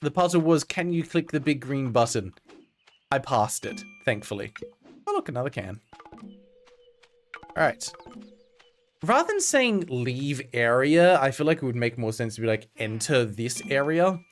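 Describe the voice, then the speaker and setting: A man's voice: medium pitch, very animated, a little slow, long pauses, soft background music. A male streamer giving dry, sarcastic commentary while playing a game.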